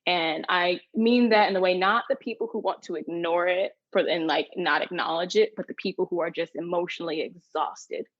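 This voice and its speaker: Young woman, halting podcast co-host. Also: lowish voice, no echo, lo-fi sound. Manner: halting, searching phrasing. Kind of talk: interview questions.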